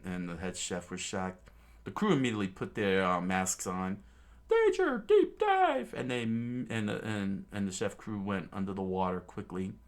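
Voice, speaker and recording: A man reading a manga story aloud in a casual, halting way, with frequent fillers and restarts. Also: deep voice, fairly bright tone. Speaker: reader.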